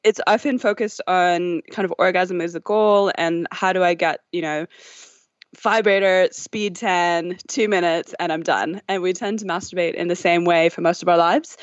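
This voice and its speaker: A woman guest who explains at a measured pace, stopping often on fillers. Her voice sits rather low, and the recording is dry and a little dull. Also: steady tone, dry recording. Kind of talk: interview answers.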